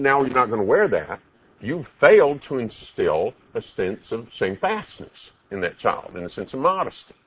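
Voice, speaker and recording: A man's voice: mid-range voice, slightly rough, no echo, highs cut off. A man preaching a sermon, emphatic, asking the congregation many rhetorical questions.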